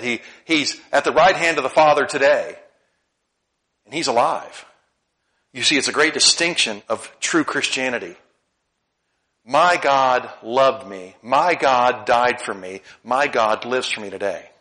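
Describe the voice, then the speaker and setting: Male pastor, middle-aged, bright forceful tone, lively sermon delivery with loud and quiet swings. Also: medium pitch, a little slow. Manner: animated preaching, swings between loud emphasis and soft asides.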